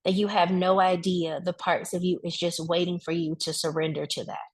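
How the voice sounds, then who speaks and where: A woman giving a conversational, preacher-like talk on grief, speaking straight to the crowd in relaxed, colloquial speech. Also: fairly low pitch, normal speed, hardly any pauses. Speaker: speaker at a wellness event.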